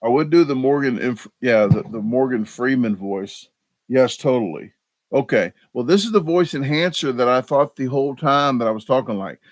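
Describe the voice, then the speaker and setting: A male live stream host chatting casually and poking fun at himself. He restarts his sentences often and fills the gaps with ums. His voice is mid-pitched, and the sound is dry and close. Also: lively intonation, normal speed, no room sound. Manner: rambling, self-deprecating, frequent fillers and restarts.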